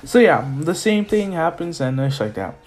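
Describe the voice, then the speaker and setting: A man's voice: fairly high pitch, sing-song, normal speed, darkish tone. A man casually retelling a fan story, rambling with fillers and self-corrections. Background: faint lofi music.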